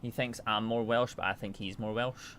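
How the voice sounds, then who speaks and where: UK man streaming a flight sim, chatty and relaxed, reads figures aloud, lowish voice. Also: moderate pace, a little hiss or hum. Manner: chatty, reads checklist numbers and answers chat aloud. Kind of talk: casual chat while flying a simulator.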